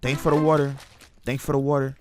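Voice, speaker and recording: A man's voice: medium pitch, level tone, quick pace, a little mellow, a little hiss or hum. A young man streaming a horror game, chatting nervously to his viewers in casual slang. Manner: chatty, jittery, talks to chat in slang. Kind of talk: live horror game commentary.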